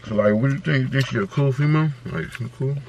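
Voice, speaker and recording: A young man hosting a casual eating video, asking questions in a relaxed, slangy way. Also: mid-range voice, fast, lo-fi sound, noisy background. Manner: laid-back slangy questioning. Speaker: YouTube host. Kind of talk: casual mukbang chat.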